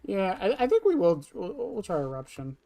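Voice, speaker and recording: Casually commenting on a live-streamed online horror game match, this streamer responds to chat bluntly and offhandedly, cursing freely. Their medium-pitched voice swoops wildly, creaky and dark in tone, at a moderate pace.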